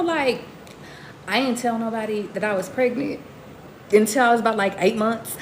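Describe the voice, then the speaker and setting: A woman giving a casual live tarot reading to her viewers, slangy and animated, often jumping into high excited exclamations. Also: moderate pace, long pauses. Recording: roomy echo with faint background noise.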